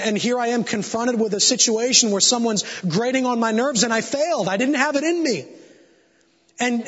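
A man with a high, fairly bright, breathy voice preaches to a congregation in a church sanctuary, sharing an earnest, confessional story before building to a fervent call to action. The sound is dull, with long hall reverb.

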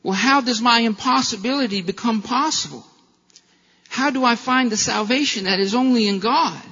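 Brief: male pastor, impassioned preacher, high gravelly voice, bright edge, long church reverb, dull lo-fi recording. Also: normal speed. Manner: impassioned preaching with rhetorical questions. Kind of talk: sermon.

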